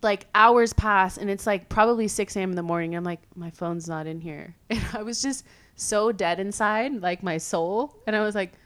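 A young woman from California hosting a podcast, telling stories in a casual, animated way, full of fillers and swearing. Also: medium pitch, moderate pace, smooth. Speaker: podcast host. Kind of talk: casual storytelling chat.

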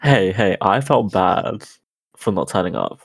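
A man's voice: sits low, very animated, measured pace, creaky, slightly rough, dry recording. A man co-hosting a casual podcast, laughing and arguing back at his friends. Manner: defensive, laughing, mocking. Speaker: podcast co-host. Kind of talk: casual late-night podcast banter.

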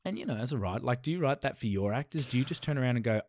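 A man's voice: medium pitch, expressive, racing, hardly any pauses, darkish tone, dry recording, clean studio sound. A young man, an actor talking casually and rambling with many restarts. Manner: rambling, many repeated starts. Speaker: actor guest. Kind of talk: casual conversation.

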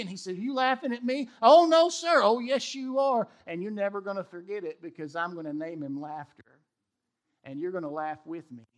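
A man preaching a sermon, retelling scripture stories with animated, acted-out dialogue. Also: a little high. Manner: animated storytelling, acts out the dialogue of the people he quotes. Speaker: pastor.

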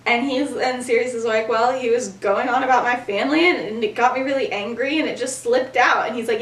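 A young woman recaps a story for a casual podcast, jumping into the characters' lines and laughing along the way. Her voice sits fairly high. The sound is roomy and echoey, as if she is a step back from the mic. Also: a little fast, hardly any pauses, far from the mic. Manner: animated, acts out characters' lines, laughs often. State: has the hiccups. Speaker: podcast host retelling a fan story. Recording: echoey room, voice a bit off-mic.

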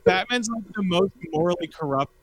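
A man's voice: sits high, expressive, brisk, dry recording. A man in a casual group chat making wry, joking asides.

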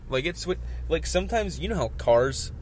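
Young guy, 20s, raised-pitch voice, solo podcast from the driver's seat, rambles and rants; car noise behind. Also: expressive, moderate pace. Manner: chatty, flips into loud ranting. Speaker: podcast host. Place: inside a moving car. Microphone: phone mounted in the car. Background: road and engine noise.

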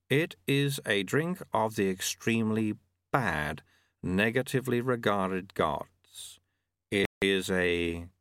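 A flustered auditor, put on by a male narrator, halting and stumbling through very slow, broken phrases. He keeps restarting as he gropes for words. A dry, close storybook reading. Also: fairly low pitch, fairly bright tone, smooth, dry recording. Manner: halting, hesitant, groping for words.

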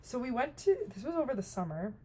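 Young woman, podcast co-host, casual chat, animated storyteller, faint background hiss. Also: a little high, quick pace. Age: young adult. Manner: animated storyteller, swears, laughs often.

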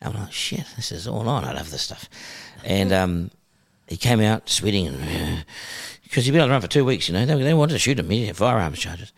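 A middle-aged man with a New Zealand accent, a podcast guest telling stories in casual chat, animated and dotted with "you know" and "bro". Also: low voice, a little fast, gravelly, no room sound, clean studio sound.

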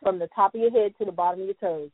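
Brief: woman guest, casual chat, animated, acts out voices; tinny, dry recording. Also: mid-range voice, rapid-fire, husky, dry recording. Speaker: podcast guest. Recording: tinny phone-like sound, dry.

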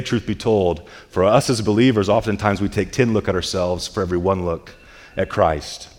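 A low-voiced man preaching to his congregation, his words ringing out with a long echo through a church hall. He speaks earnestly, restarting and repeating words as he builds toward loud climaxes. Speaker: pastor. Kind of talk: sermon.

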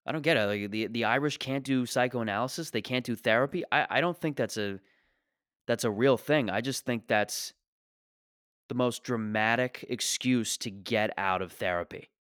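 A young man doing a profane, self-deprecating stand-up rant, exasperated and quick to mock himself. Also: mid-range voice, fairly bright tone, no echo, clean studio sound. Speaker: stand-up comedian.

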